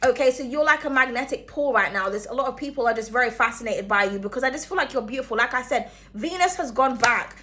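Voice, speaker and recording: A woman's voice: a little high, expressive, quick pace, hardly any pauses, sharp tone. A woman giving a casual tarot reading, chatty and rambling, swearing freely and humming as she thinks. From outside the United States. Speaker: tarot reader.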